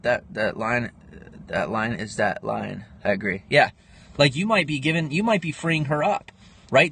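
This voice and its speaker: A man's voice: a little high, a bit bright, slightly rough. Chatty young man on a livestream. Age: 20s. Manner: rambling, answers viewer comments. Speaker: livestream host. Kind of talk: casual livestream chat. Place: home livestream, in Pennsylvania.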